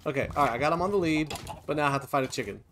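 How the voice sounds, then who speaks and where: Bright-voiced excitable gaming host. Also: male voice, rapid-fire, a little hiss or hum. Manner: excitable, often bursts into high shouts and laughs. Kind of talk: let's play commentary.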